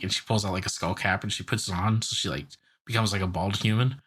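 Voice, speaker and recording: A young man with a low, slightly husky voice co-hosts a casual podcast. He retells a cartoon episode in an animated, rambling way, full of filler words. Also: fast. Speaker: podcast co-host.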